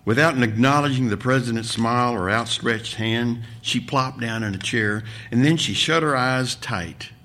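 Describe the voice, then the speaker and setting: A pastor reads a parable aloud to his congregation during a sermon. His voice sits at an ordinary male pitch, and his storytelling is expressive. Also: normal speed, hardly any pauses.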